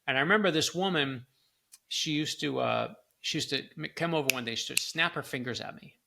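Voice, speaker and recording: A man's voice: on the high side, brisk, vocal fry, noisy background. A middle-aged man, an author as a guest, telling personal stories in conversation and acting out the quoted lines. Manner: animated storyteller, acts out quoted lines. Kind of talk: storytelling in a conversation.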